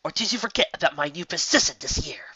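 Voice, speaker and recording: A man's voice: a little high, lively intonation, fast, pushed and bright, husky, no echo, muffled recording, voice pushed up, full character voice. A man voicing a stern older mare pony in an audiobook reading, cold and commanding.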